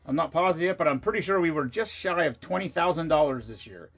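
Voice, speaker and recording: A man's voice: a little high, animated, fast talker, vocal fry, a bit bright, slightly rough. A tired man chatting casually to his viewers, rambling with many restarts and asides and the odd swear word. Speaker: vlogger. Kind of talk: casual chat.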